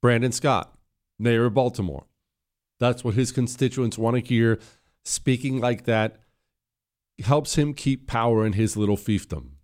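A man's voice: medium pitch, measured pace, long pauses, a little mellow. A man hosting a political commentary show, scornful and emphatic with sarcastic asides. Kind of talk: opinion commentary.

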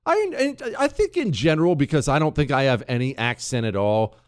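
A male talk show host giving opinionated commentary in an animated, sarcastic way, bantering with his producer. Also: medium pitch, fairly quick, dry recording, studio quality.

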